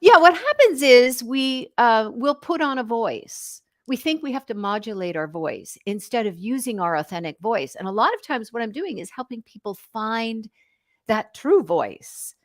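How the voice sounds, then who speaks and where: A woman voice coach on a video call from her home office, talking in an animated, demonstrative coaching way. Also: a little high, normal speed, dry recording, clean studio sound. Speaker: voice and speech coach. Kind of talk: casual video chat.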